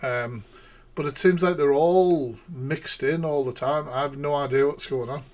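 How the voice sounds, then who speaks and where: A man's voice: fairly high pitch, fairly even intonation, measured pace, darkish tone. A man hosting a live reaction stream, rambling and laughing, with sarcastic asides. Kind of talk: casual live-stream commentary.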